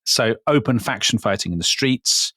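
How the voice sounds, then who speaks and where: Low-voiced man telling history casually. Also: lively intonation, normal speed, bright, forceful tone, dry recording, clean studio sound. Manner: conversational storyteller, tag questions. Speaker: podcast co-host. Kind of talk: casual history podcast chat.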